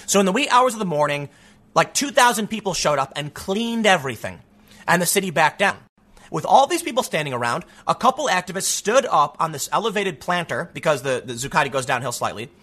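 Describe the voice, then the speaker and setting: Man, show host, opinionated monologue, emphatic, bright sharp voice. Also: a little high, brisk. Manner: animated, emphatic, acts out quotes. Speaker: political commentator host.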